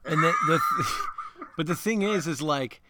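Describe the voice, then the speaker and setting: A man's voice: a little high, a little slow, heavy background noise. A young man co-hosting a podcast in a rambling, jokey casual chat, laughing often. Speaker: podcast co-host.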